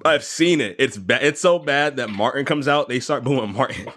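A man hosting a casual chat, excitable, laughing along and asking his guest questions. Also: mid-range voice, normal speed. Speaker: podcast host.

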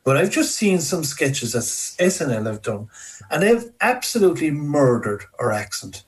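A man's voice: a little high, sing-song, moderate pace, rough recording. A man from Ireland with a Cork accent, a guest on a podcast, talking thoughtfully and explaining at length with frequent ums. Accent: Cork Irish. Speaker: guest horror film correspondent. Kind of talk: podcast conversation.

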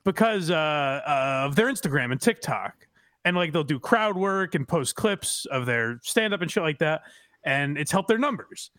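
Guy cohosting a comedy podcast, swears a lot, blunt, highish voice, dry sound. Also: animated, normal speed, fairly bright tone, no room sound. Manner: blunt, profane commentary. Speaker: podcast co-host. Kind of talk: casual comedic chat.

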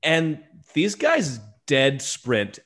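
A man's voice: on the high side, wildly swooping pitch, extremely slow, a bit bright. A man co-hosting a podcast, chatting casually and wryly about a movie. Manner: wry, amused, rambling. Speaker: podcast co-host.

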